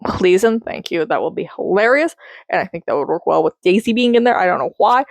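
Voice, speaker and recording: A young woman rambling casually through a movie review, chatty and excitable, laughing often. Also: mid-range voice, brisk, vocal fry, no room sound.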